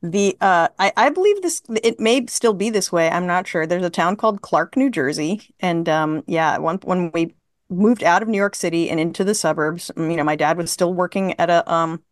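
A talkative woman in her fifties, a writer being interviewed, who tells long anecdotes full of fillers and restarts. Her voice sits a bit low. The sound is dry, with almost no room reflection. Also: expressive, normal speed, dry recording. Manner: chatty storyteller, laughs often, many fillers. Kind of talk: casual conversation.

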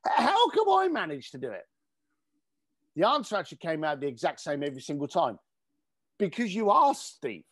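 A man telling an emphatic story as a podcast guest, animated and casually swearing. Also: fairly high pitch, normal speed, pauses often, dry recording, clean studio sound. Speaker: podcast guest, speaker and coach.

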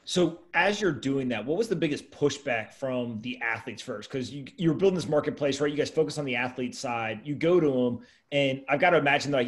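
A male podcast host asking the guest quick, probing questions. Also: mid-range voice, animated. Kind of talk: interview questions.

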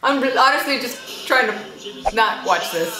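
A young woman giving casual reaction commentary, chatty and quick to exclaim and gasp. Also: on the high side, animated. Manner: chatty, exclaims and gasps often. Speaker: YouTube reactor. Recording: echoey room with faint noise.

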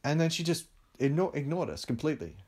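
A film director tells candid stories in a conversational interview, using frequent fillers. His voice is a little high, expressive and husky with a darkish tone, and he talks at a quick pace.

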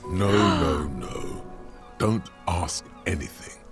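A man giving scripted narration as the inner voice in a game, sardonic and measured. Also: low voice, animated, music in the background, heavily acted.

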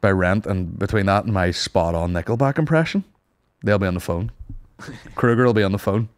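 A man's voice: on the low side, smooth. A man co-hosting a comedy podcast, joking crudely and laughing a lot. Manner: crude, jokey, quick to laugh. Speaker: podcast co-host. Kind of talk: casual comedy chat.

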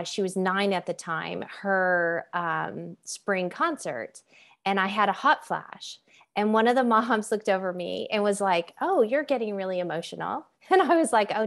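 A woman in her fifties hosting a podcast, telling stories in an animated way and laughing often. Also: medium pitch. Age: 50s. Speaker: podcast host. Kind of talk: conversational interview.

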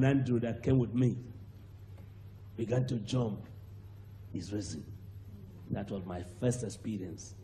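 A man with a Nigerian accent preaching a sermon, telling a testimony with animated acted-out voices and sudden shouts. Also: medium pitch, slight background noise. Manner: animated storyteller, acts out voices, bursts into shouts and laughter.

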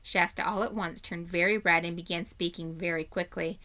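A woman teacher reading a chapter book aloud to young children, with clear, steady storytelling. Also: lowish voice, normal speed.

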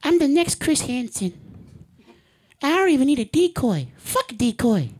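A man putting on a breathy, timid little boy voice. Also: very high-pitched, sing-song, normal speed, a little mellow, pitched above the performer's own voice, exaggerated voice. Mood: meek. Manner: meek, hesitant, stammering. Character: soft, timid, high little boy voice like a cuddly cartoon bear. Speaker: stand-up comic. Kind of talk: stand-up set in a character voice. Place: comedy club stage.

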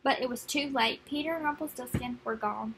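A young woman reading a children's picture book aloud, friendly and expressive. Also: fairly high pitch, fairly quick, slight background noise, low-quality recording. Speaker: read-aloud narrator.

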